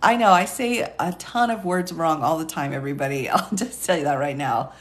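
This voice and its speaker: A woman with a raspy voice and a Texas accent, an attorney on a live stream who reads legal text aloud and chats with viewers between passages, laughing often. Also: low voice, a little fast. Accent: Texan. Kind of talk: casual live-stream reading and commentary.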